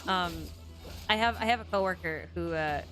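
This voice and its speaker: A woman's voice: lowish voice, moderate pace, fairly bright tone, faint music behind. Rambling, laughing young woman host. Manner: rambling, self-interrupting, laughs often. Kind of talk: casual chat.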